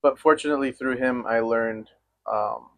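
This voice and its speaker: A young adult man, a guest talking about friendship in a reflective, measured way. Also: medium pitch, a bit bright, dry recording. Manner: reflective, measured, thinks aloud with fillers. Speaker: guest, host's best friend. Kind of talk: candid chat between friends.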